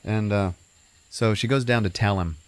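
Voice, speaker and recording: A man's voice: fairly low pitch, normal speed, smooth, dry recording. A man hosting a podcast, casually recapping a film in a rambling way with the odd swear. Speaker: podcast host.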